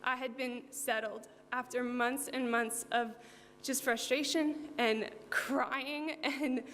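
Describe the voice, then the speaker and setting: Young woman telling her testimony at church, kinda high voice, lots of um and like, long echo in the hall. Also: steady tone, slow pace, a bit bright. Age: young adult. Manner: earnest and heartfelt, with frequent ums and likes. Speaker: church member giving a testimony. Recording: hall reverb with faint hum.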